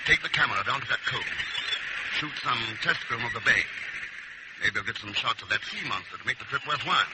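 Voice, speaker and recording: An actor with an American accent in a 1940s radio drama playing a dry, self-assured adventurer, on a very hissy old recording. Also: male voice, mid-range voice, lively intonation, brisk, lightly acted. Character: cool, confident American adventurer man. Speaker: hero investigator.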